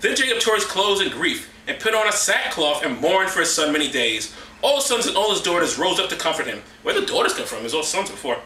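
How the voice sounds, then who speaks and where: Guy snarking through bible verses, bouncy pitch, echoey room, mic kinda far. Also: sing-song, quick pace, bright, forceful tone, a little hiss or hum. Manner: mocking, jumps into silly high voices for characters. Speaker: comedy vlogger. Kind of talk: sarcastic bible reading commentary.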